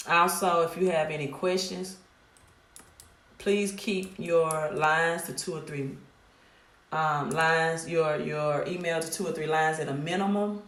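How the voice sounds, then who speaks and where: A middle-aged woman with a Mississippi accent hosts a casual live stream about her credit repair business, speaking in a deep, fairly even, slightly bright voice at a measured pace. She's direct and scolding, repeating her points, and the room is echoey.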